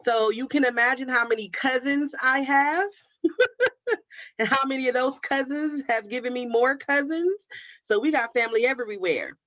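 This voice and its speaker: Her intonation is lively, her voice high-pitched and a bit bright, and her pace moderate. She's hosting a craft livestream from Oakland, California, reading comments and chatting casually with viewers she calls "baby" and "girl." The livestream sound is dry, slightly dull, and echo-free.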